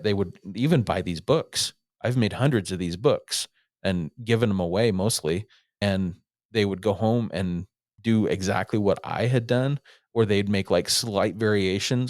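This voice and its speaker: A middle-aged man, a podcast guest, telling stories in a lively way and acting out what people said. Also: on the low side, no echo, clean studio sound. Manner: animated storyteller, acts out quotes. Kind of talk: casual storytelling interview.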